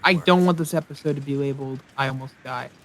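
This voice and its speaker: A man's voice: medium pitch, fast, fairly bright tone. A man hosting a let's play, giving casual gameplay commentary and rambling aloud as he thinks, often mocking himself.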